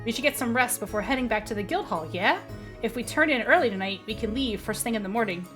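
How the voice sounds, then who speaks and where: A woman reading the lines of a charismatic, cheerful male guild leader in a calm, reassuring way. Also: fairly high pitch, fast, music in the background, lightly acted.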